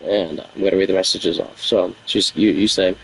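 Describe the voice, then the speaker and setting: A man's voice: deep voice, fairly even intonation, fairly quick, slight background noise, low-quality recording. A man streaming, venting at length about an argument in an aggrieved, rambling, repetitive way.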